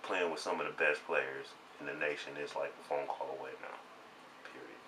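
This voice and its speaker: A man's voice: rumbling low, moderate pace. A man with a boastful, profane manner, ranting in a casual gaming vlog. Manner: boastful, profane, repeats himself. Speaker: gaming vlogger. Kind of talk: casual rant to camera. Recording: distant mic with steady background noise.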